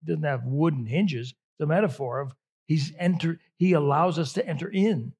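A pastor delivering a sermon in a husky, slightly high male voice. He talks to the congregation conversationally and stretches out the words he wants to stress. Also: a little mellow. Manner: conversational, emphatic, drawn-out phrasing.

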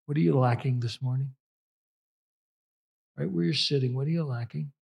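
A man's voice: mid-range voice, normal speed, vocal fry, darkish tone, slightly rough. A man preaching a sermon as a pastor, conversational and emphatic, drawing out key phrases.

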